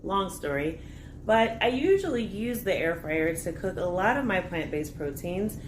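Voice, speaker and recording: A woman's voice: lowish voice, big pitch swings, moderate pace, background noise. A woman hosting a casual food label review in her kitchen, chatty with jokey asides. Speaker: fitness and nutrition channel host. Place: home kitchen.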